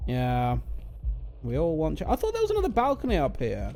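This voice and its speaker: A man's voice: fairly high pitch, huge pitch swings, fairly quick, dark tone, slight background noise. A British man streaming a game, chatting and joking in a casual, playful way. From Britain. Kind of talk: casual gaming commentary.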